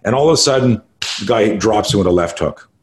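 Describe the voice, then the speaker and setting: A man's voice: lowish voice, animated, a little fast. A man in his sixties from Canada, a martial arts instructor telling stories in a podcast interview, swearing freely and talking with emphasis. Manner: profane, emphatic storyteller. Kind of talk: conversational interview storytelling.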